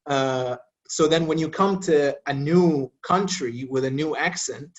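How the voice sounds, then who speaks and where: A man in his late twenties, a native Arabic speaker, chatting as a podcast guest in a relaxed, easygoing way. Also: fairly high pitch, a little slow, dull audio. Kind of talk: casual chat.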